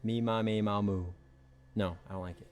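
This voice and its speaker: A man's voice: on the low side, steady tone, normal speed, noisy background. A man hosting a live stream, joking and riffing with his chat in a playful, goofy way. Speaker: livestream host.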